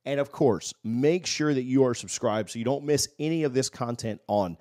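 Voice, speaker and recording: A man's voice: mid-range voice, moderate pace, dark tone. A man hosting his own channel, delivering a scripted, emphatic commentary monologue. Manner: confident, emphatic, predictive. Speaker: channel host.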